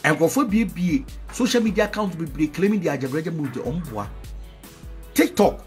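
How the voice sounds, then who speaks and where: A man with a Ghanaian accent, a spiritual leader preaching and promoting his products, singing out phrases and swinging from loud shouts to low murmurs. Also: lively intonation, brisk, faint music behind.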